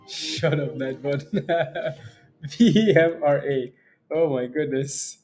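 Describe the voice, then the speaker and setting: Male trading streamer, higher pitch, casual chatty commentary, laughs a lot, faint music bed. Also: drawn-out words, a little mellow. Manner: chatty, answers chat, laughs often, many fillers and "right?". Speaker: day trading livestream host. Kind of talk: casual live market commentary.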